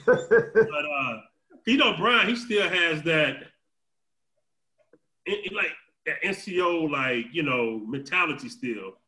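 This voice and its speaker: A man's voice: fairly high pitch, takes it slowly, long pauses, poor audio. A man hosting a podcast over a video call, telling casual stories and acting out quoted dialogue with frequent laughter. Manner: animated storytelling, acts out quoted dialogue, laughs often. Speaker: podcast host. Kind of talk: casual chat.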